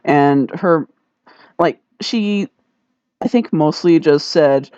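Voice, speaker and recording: Higher-pitched man, casual podcast chat. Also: takes it slowly, long pauses, darkish tone, clear, resonant tone, no room sound. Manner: laughs often, swears casually. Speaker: podcast co-host. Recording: dull lo-fi dry sound.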